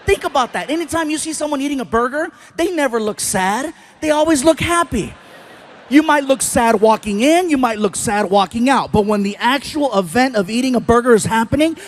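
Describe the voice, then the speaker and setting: A man with a high voice telling stand-up stories live on stage, animated and playful. He slips into voices as he goes, and faint room noise hangs behind him. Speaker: stand-up comedian. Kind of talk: stand-up storytelling.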